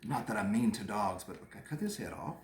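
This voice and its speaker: A man's voice: lowish voice, expressive, brisk, reverberant, slight background noise. A man teaching an art lesson to children, chatting them through each step of a craft project. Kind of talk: casual art lesson demonstration for kids.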